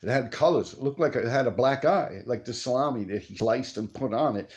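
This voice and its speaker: On a live stream, a middle-aged man in a mid-range voice tells profane street stories a little fast. His streetwise, rambling storytelling is casual, and he answers viewer chat as he goes.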